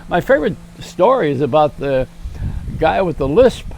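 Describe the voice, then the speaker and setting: Older man, rambling comedic monologue, high-pitched gravelly voice, faint background hiss. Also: big pitch swings, moderate pace, a little mellow. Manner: rambling, self-mocking, chuckling at own jokes. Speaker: host.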